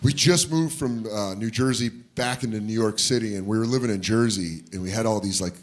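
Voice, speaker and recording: A middle-aged man doing a stand-up comedy routine, loud and animated, breaking into shouted put-on voices. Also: fairly low pitch, brisk. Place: comedy club stage before a laughing audience. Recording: live club recording with crowd noise.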